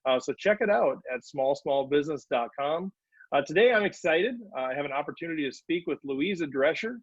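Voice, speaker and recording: Husky-voiced male podcast host. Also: a little high, animated, a little fast, dry recording. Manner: friendly, with many "uh" fillers. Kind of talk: podcast interview. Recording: dry, dull, lo-fi recording.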